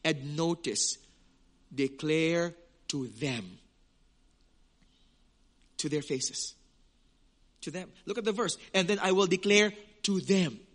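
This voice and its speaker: A male preacher with a high, bright, forceful voice delivers a sermon. He talks in an animated way, acting out small scenes with quoted voices. He slows right down to stress the key words. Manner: emphatic, stretches key words slowly. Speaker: pastor.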